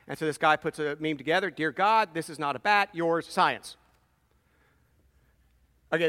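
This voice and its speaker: Wry high-voiced preacher in a big hall. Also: male voice, fairly bright tone. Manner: conversational, wry, emphatic. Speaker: pastor. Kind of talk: sermon. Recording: long reverb in large hall.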